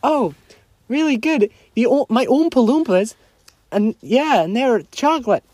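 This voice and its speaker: A man's voice: very high voice, animated, unhurried, darkish tone, no echo, pitched above the performer's own voice. A man voicing a cheerful, eccentric male chocolate maker in a comedy bit, in a sing-song voice raised well above his own. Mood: cheery.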